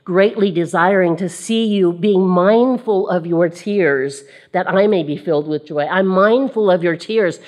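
Woman preacher, lower voice, unhurried delivery, emphatic repetition. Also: darkish tone. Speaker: women's ministry speaker. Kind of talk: sermon.

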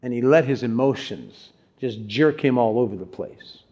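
A male pastor giving a sermon, telling stories in an animated way and putting questions to his congregation. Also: mid-range voice, moderate pace, lo-fi sound. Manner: animated storyteller, acts out quotes, asks the audience questions. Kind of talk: sermon with personal storytelling.

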